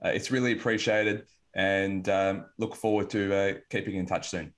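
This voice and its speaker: A man hosting an interview show, asking relaxed questions and giving short affirmations. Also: low voice, normal speed. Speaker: podcast host.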